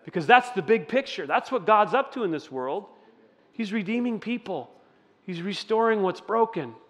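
A pastor with a high-pitched, animated voice delivers an interactive sermon at a moderate pace, and his voice fills a big room. He keeps it conversational, posing questions to his listeners.

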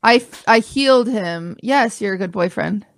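A young woman hosting a casual podcast chat, telling her side of a story in an animated, indignant way. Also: mid-range voice, moderate pace, no echo. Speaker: podcast host.

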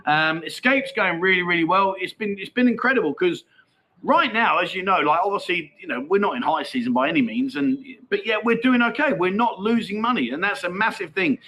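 A man's voice: high voice, expressive, fairly quick, pushed and bright. A middle-aged man, hosting a casual livestream and bantering cheekily with viewers as he reads out their comments. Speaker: livestream host.

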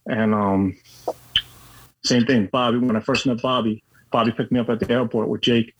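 Man, middle-aged, husky, medium pitch, blunt, profane, candid storytelling. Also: steady tone, moderate pace, rough recording. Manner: blunt and profane, with many fillers. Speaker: guest.

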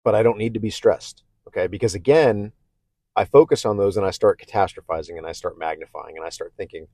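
A man with a lowish voice talks through a casual self-help podcast monologue in a candid, reflective way. He restarts sentences and often checks in with the listener by asking "okay?". The sound is close and dry, with no room echo. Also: fairly quick, warm tone. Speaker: podcast host.

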